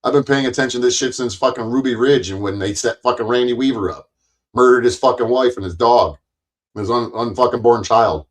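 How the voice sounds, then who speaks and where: A man's voice: medium pitch, brisk. A man hosting a livestream, ranting angrily and sarcastically, swearing constantly and repeating his points for emphasis. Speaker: livestream host. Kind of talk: profane livestream rant.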